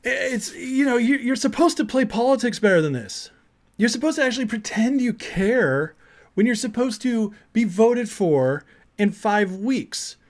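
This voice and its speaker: A man's voice: extremely high pitch, expressive, unhurried. A man hosting a political commentary show, ranting emphatically and indignantly, often repeating words.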